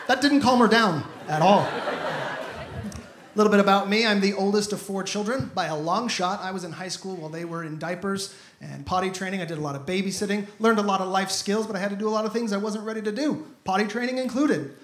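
A man's voice: sits high, fairly quick, background noise. A man in his thirties performing an upbeat stand-up comedy set on stage. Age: 30s. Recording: echoey stage sound.

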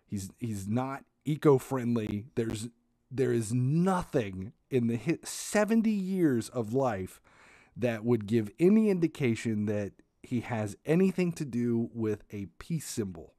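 A man hosting a podcast, telling a comic family story in a casual, animated way, swearing, restarting sentences and laughing as he goes. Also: mid-range voice, a little slow, dry recording, studio quality. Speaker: podcast host.

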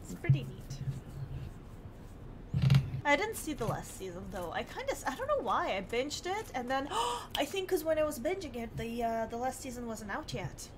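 A woman hosting a game stream, chatting casually, giggly and excitable. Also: sits high, normal speed, crowd noise. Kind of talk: casual chat while gaming.

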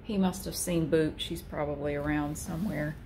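A woman vlogger chatting casually while filming a cat outside, with a drawn-out, easygoing manner. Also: fairly even intonation, noisy background. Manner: chatty, slow and drawn out, slips into high baby talk for the cat.

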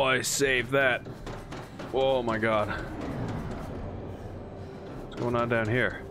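A man giving casual let's play commentary, full of excited exclamations and chuckles. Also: medium pitch, very slow, pauses often, music in the background.

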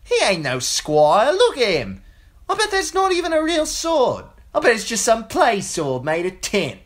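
A man's voice: extremely high pitch, huge pitch swings, a little slow, voice pushed up, heavily acted. A man voicing a mocking orphan boy with a braying laugh, in a jeering, taunting manner.

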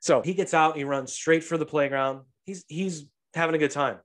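A man and young father telling profane, animated stories on a casual podcast, acting out the voices of the people in them. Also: on the high side, normal speed. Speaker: podcast co-host; father of a toddler. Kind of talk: casual storytelling.

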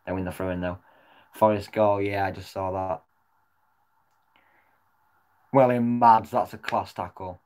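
A man reacting live to a football match as a fan vlogger. He swears often and swings between muttered comments and loud yells at the referee. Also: low-pitched, steady tone, measured pace, long pauses, clean tone.

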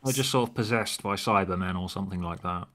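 A man co-hosting a podcast, reading stage directions from a prediction script in a quick, offhand way with fillers. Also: deep voice, a bit bright. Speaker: podcast co-host.

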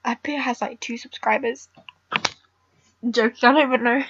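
High-voiced teen girl rambling over gameplay. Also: fairly even intonation, moderate pace, a bit bright, slightly rough, no echo, lo-fi sound. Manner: rambling, blunt, frequent "like" fillers. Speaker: gamer vlogger. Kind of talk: casual game commentary.

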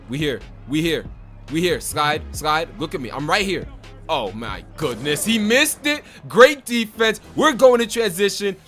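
Hyped young man calling his game. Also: high voice. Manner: hyped, excitable trash talk with quick repeated exclamations. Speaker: gaming YouTuber. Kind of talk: gameplay commentary.

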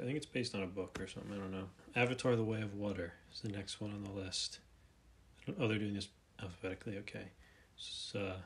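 A YouTube movie commentator with a lowish voice sits in a desk chair at home, casually thinking aloud while browsing a website. He's hesitant and rambling, full of fillers and restarts, sometimes reading a plot summary aloud before commenting. There's slight background noise.

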